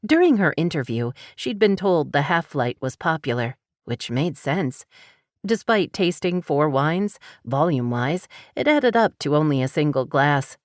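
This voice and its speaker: A woman narrating an audiobook in an expressive, lively reading style. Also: deep voice, a little slow, no room sound, clean studio sound. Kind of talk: scripted narration.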